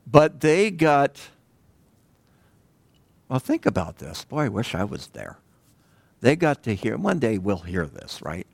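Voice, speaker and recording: Conversational male pastor with a lively, animated delivery. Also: mid-range voice, gravelly, no echo. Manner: conversational preaching with pauses and rhetorical questions. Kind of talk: sermon.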